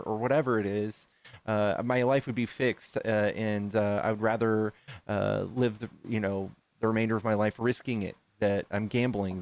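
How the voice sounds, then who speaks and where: A man's voice: on the low side, a little mellow. A man hosting a casual debate stream, talking loosely with many fillers and restarts. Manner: casual, hesitant, lots of fillers. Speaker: stream host.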